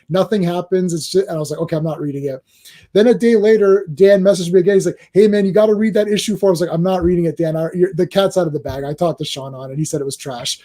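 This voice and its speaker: A man hosting a casual podcast chat, telling animated stories with stumbling restarts and acting out what his friends said. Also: high-pitched. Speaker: podcast host.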